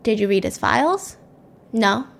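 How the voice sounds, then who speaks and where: A stern older hospital director, played by a woman storyteller, questioning a junior doctor with blunt, cold authority. Her voice runs somewhat high. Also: expressive, unhurried, gravelly, full character voice.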